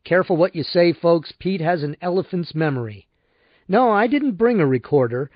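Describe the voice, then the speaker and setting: A male audiobook narrator with a slightly high, very lively voice, telling the story in a wry, sardonic first person. The recording is dry and close, with a dull lo-fi sound. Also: normal speed, dry recording.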